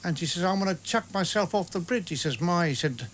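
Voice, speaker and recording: A man presenting a travel documentary, cracking jokes and interviewing with playful, halting restarts. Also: sits high, expressive, fairly bright tone, a little hiss or hum. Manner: playful, hesitant joke-telling with many restarts.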